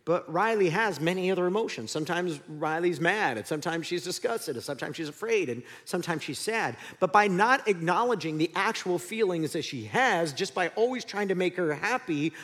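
A middle-aged man preaching a sermon and telling stories against himself. His voice climbs and dips with lively energy and sits a little high. A long hall reverb carries every phrase. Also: fairly quick, hardly any pauses. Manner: candid, self-deprecating storyteller. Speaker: pastor.

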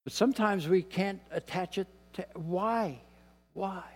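A man preaching a sermon as pastor, moving between quiet, dropped asides and loud, emphatic lines. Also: high voice, unhurried. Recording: long hall reverb.

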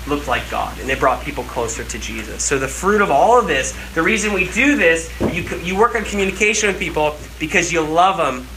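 A man's voice: a little high, expressive, fairly quick, hardly any pauses, background noise. A man preaching a sermon, telling stories casually and acting out quotes with animation.

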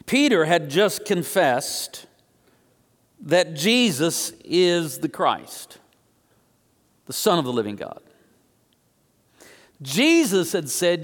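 Pastor preaching, high voice, lots of ups and downs, echoey sanctuary. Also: male voice. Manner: animated storytelling, emphatic with slow stressed phrases. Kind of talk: sermon. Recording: echoey hall.

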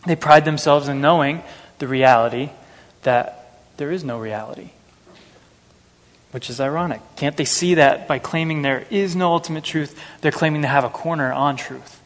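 A man preaching an earnest, measured sermon to a congregation, reading scripture and telling everyday stories. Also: a little high. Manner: earnest, measured, anecdotal asides. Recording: long hall reverb.

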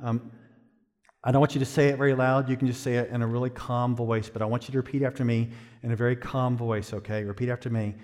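A middle-aged pastor preaching a sermon, swinging from hushed, slow phrases to loud, high-pitched exhortation. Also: male voice, level tone, in a large hall.

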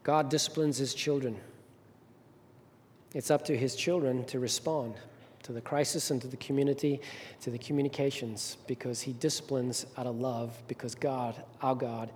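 A man preaching a sermon as pastor, telling a story with emphatic rises and soft drops. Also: mid-range voice, slight background noise. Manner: storytelling, rising to emphatic peaks then dropping soft. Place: church sanctuary. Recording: reverberant hall.

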